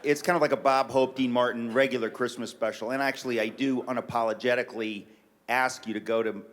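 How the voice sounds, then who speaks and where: A middle-aged man from New York City, a guest author in casual chat on a church stage, telling stories in a joking, animated way. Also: mid-range voice, fast, slight background noise. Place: church stage before an audience.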